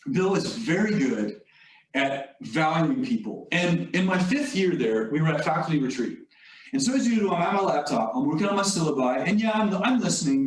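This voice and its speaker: A man giving a motivational leadership talk, telling stories earnestly with light humor. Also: on the high side. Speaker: leadership facilitator. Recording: echoey room, distant mic.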